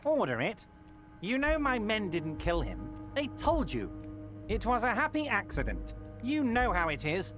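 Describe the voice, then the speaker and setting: An actor playing a jovial, scheming, heavyset male union boss in a video game, speaking in a booming, self-assured, sweeping way. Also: wildly swooping pitch, unhurried, full character voice. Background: game music.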